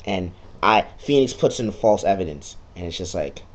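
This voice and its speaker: A man's voice: deep voice, lively intonation, moderate pace. A man giving a casual, sarcastic recap of a video game, swearing freely and slipping into quoted lines. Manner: sarcastic, profane, jumps into quoted voices.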